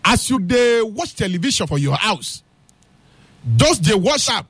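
Animated Nigerian Pidgin male storyteller. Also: high voice, a little slow, slightly rough, no echo. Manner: animated, addresses listeners directly. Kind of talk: casual spoken storytelling.

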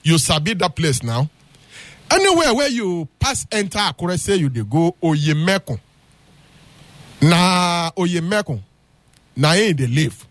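Animated Nigerian Pidgin male storyteller. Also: a little high, a little slow, pauses often, no echo. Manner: animated, addresses listeners directly. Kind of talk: casual spoken storytelling.

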